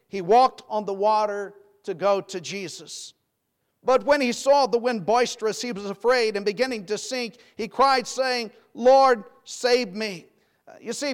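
A man preaching a sermon, fervent and rising to emphatic peaks when he quotes scripture. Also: sits high.

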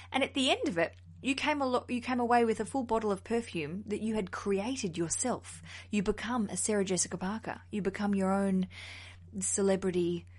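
A woman hosting a podcast in casual chat, playful and chatty with quick asides. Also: medium pitch. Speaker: podcast host.

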